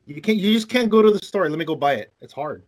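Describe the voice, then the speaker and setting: A man co-hosting a casual gaming podcast, his voice sitting a bit higher than most men's. He talks in an animated way, swears freely and gets carried away retelling stories. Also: fast. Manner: animated, swearing, tells long movie stories. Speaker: podcast co-host. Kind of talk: casual chat.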